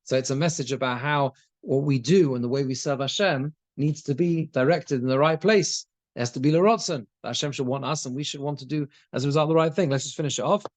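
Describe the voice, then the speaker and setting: A man's voice: mid-range voice, a little fast, dry recording. A man teaching a conversational Torah class as a rabbi, reading Hebrew phrases and translating them as he goes, with frequent restarts.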